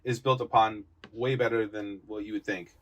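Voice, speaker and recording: A man's voice: on the low side, fairly even intonation, moderate pace, fairly bright tone, highs cut off. A man co-hosting a podcast, chatting casually in an easygoing way. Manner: easygoing, laughs along. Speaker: podcast co-host. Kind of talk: casual chat.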